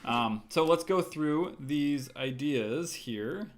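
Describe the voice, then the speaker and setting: A man's voice: fairly high pitch, animated, slow pace. A man hosting a casual livestream as a writer, reading viewer comments aloud and reacting to them.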